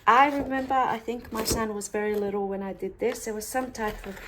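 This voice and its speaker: A woman's voice: on the high side, steady tone, brisk, noisy background. A woman chatting casually through a craft tutorial, talkative and playfully sarcastic.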